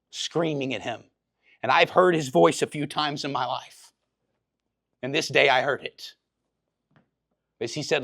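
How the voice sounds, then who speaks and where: A man preaching a chapel sermon, moving from quiet personal storytelling to loud, impassioned preaching. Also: medium pitch, unhurried, vocal fry, pauses often, no echo, clean studio sound. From Oklahoma.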